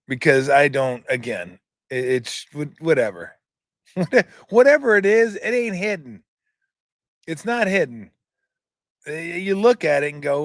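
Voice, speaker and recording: A man's voice: on the high side, lively intonation, moderate pace, dry recording, studio quality. A man hosting his own show, ranting in casual talk, sarcastic and swearing freely as he mocks what he reads aloud. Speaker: show host. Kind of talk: casual profane rant.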